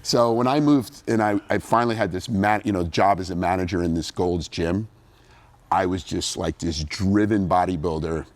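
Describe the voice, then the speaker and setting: Deep-voiced man telling his story. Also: normal speed. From New Jersey, USA. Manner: animated storyteller, acts out quotes. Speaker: interview guest, former pro bodybuilder. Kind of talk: casual storytelling interview.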